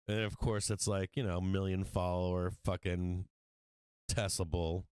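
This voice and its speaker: A man's voice: deep voice, flat delivery, moderate pace, darkish tone, clear, resonant tone, no echo. A man hosting a stock market livestream, talking casually and bluntly, swearing often and laughing a lot. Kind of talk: casual trading livestream talk.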